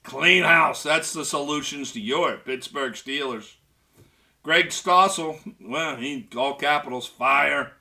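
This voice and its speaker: A man's voice: on the high side, takes it slowly, gravelly, sharp tone. A man hosting a sports talk show, reading fan comments in a wisecracking, joking way. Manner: wisecracking, does mock voices and laughs. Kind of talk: casual sports radio banter.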